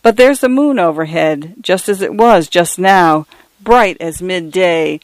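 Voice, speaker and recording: A man's voice: sits high, unhurried, no room sound. A man putting on a flustered little everyman. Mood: bewildered. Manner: plain common speech, flustered pleading. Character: bewildered, panicky ordinary little man.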